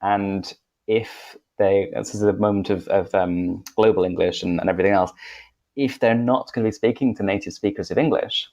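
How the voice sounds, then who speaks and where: Welsh male podcast co-host, low voice, rambling and chatty, often restarts sentences. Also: fairly even intonation, moderate pace, darkish tone, rough recording. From Wales. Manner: rambling, self-correcting, chatty. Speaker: podcast co-host, English teacher. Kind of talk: casual podcast discussion.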